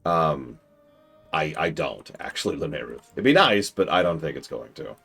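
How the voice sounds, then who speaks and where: A man's voice: extremely low pitch, expressive, moderate pace, gravelly, bright, forceful tone, husky, soft background music. A young man hosting a casual game commentary stream, enthusiastic and opinionated, with rambling asides. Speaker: streamer host.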